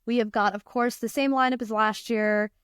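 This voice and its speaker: A woman's voice: on the high side, steady tone, normal speed, smooth, no room sound, clean studio sound. An American woman hosting a casual podcast chat, teasing her co-hosts and laughing often. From United States. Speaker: podcast host.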